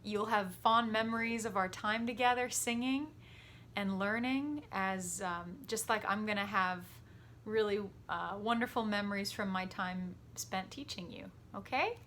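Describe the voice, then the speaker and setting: A woman music teacher giving a warm, patient lesson to children from her home over a computer microphone, chatty and quick to laugh. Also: medium pitch, a little hiss or hum. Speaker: elementary school music teacher. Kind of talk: gentle, encouraging virtual lesson for children.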